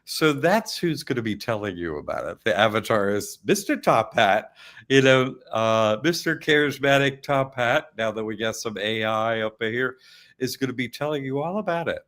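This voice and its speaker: A man's voice: medium pitch, lively intonation, moderate pace, a bit bright. A man hosting an online academy show, chatting casually and rambling, often laughing. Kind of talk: casual chat.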